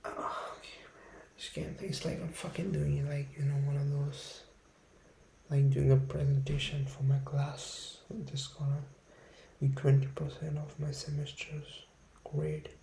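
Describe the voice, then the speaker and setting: A young Indian man with a gravelly, mellow voice rambles through a nervous, profane solo podcast. He is recorded without a proper microphone in a roomy space, with a faint hum behind him. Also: a little high, flat delivery, a little slow. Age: young adult. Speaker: podcast host. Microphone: phone or built-in mic, no microphone.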